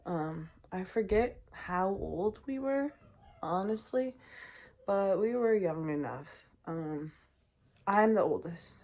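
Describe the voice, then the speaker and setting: A woman's voice: lowish voice, expressive, slow, a little mellow. A young adult woman hosting a podcast, telling a personal story in a casual, chatty way with many ums and acted-out voices. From Canada. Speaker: podcast host.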